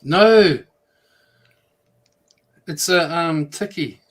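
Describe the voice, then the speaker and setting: A man's voice: on the high side, a bit bright. A man with a New Zealand accent talking bluntly and casually as a guest on a video call. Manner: blunt, swearing, drawn-out asides. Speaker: live chat guest. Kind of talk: casual group chat. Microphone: webcam on video call.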